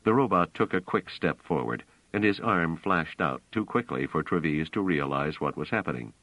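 A man narrating an audiobook in a measured, expressive way, in a dry, dull recording. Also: deep voice, no room sound.

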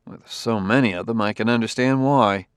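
A man's voice: fairly low pitch, moderate pace, smooth, no room sound, studio quality, close to an everyday voice. A man voicing a blunt, impatient male detective who gives orders brusquely. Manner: brusque, commanding.

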